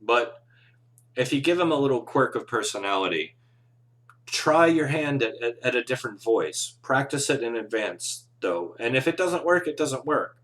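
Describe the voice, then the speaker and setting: A man's voice: medium pitch, lively intonation, moderate pace, a bit bright. A man who runs tabletop games, giving casual, earnest advice on a live show with encouraging, rambling talk. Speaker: game master, podcast host.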